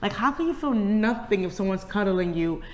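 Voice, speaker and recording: A woman at a middle pitch chats through a reality show review, retelling scenes and slipping into the cast's voices. Her voice carries a long reverb, like a room with hard, bare walls. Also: lively intonation, normal speed, slight background noise. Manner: chatty storyteller, acts out the cast's lines. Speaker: co-host of a reality TV review channel. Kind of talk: casual review chat.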